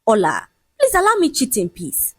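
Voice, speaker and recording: A woman's voice: a little high, huge pitch swings, no echo, full character voice. A woman playing a shameless cheating man. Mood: mocking. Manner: mocking, lecturing, raised and quick. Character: arrogant cheating young man, dismissive and shameless.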